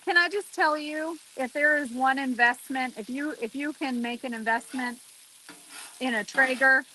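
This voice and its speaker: A woman with a fairly high voice chats casually while she cooks outdoors on a deck. She talks straight to her viewers and exclaims freely as she works. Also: normal speed, pushed and bright, a little hiss or hum. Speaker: cooking vlogger. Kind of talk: casual chat while cooking.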